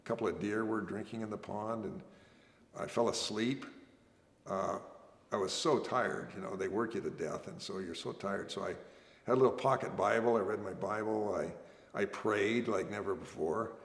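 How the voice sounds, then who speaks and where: A man telling his own story as a veteran, earnest and halting, often restarting his sentences. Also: fairly low pitch. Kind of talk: oral history storytelling. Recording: echoey room with long reverb.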